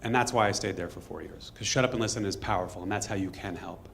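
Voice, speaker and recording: A man telling a true story on stage to a live audience in a fast, conversational way, acting out bits of dialogue. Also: low-pitched, creaky, a bit bright, slight background noise.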